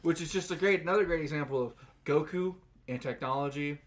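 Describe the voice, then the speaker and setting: A man's voice: fairly high pitch, fast talker. Laughing, rambling podcast guy. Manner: rambling, laughs often, acts out lines. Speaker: podcast co-host. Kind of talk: casual chat recapping an anime.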